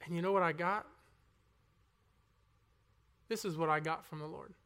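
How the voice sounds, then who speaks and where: A young man giving a personal testimony sermon to a congregation, earnest and conversational, with halting restarts, rising to loud emphasis and dropping to soft asides. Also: a little high, steady tone, smooth. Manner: earnest, swings between loud emphasis and near-whispered asides. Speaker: preacher.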